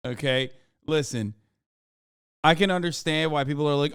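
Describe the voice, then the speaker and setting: Sex: man. Role: streamer host. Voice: clear, dry. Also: fairly high pitch, animated, slow, long pauses, fairly bright tone, no echo. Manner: blunt, profane, riffing. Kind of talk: casual reaction commentary.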